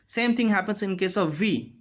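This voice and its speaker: Man lecturing on phonetics, high-pitched, slow and deliberate. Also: animated, slight background noise. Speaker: teacher.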